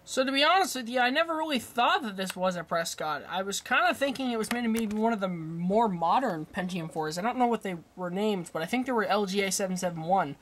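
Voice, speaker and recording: A man's voice: sits high, animated, fairly quick, few pauses, a bit bright, a little hiss or hum. A teenage young man casually walking through a rebuilt computer, rambling and correcting himself as he goes. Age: teens. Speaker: hobbyist showing a rebuilt computer. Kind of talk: casual show-and-tell.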